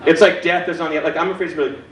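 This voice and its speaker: A man's voice: on the high side, steady tone, very fast, echoey room, recorded from a distance, slight background noise, poor audio. A man in his forties doing a stand-up comedy set, self-deprecating and acting out other people's voices. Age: 40s. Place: comedy club stage. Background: audience laughter.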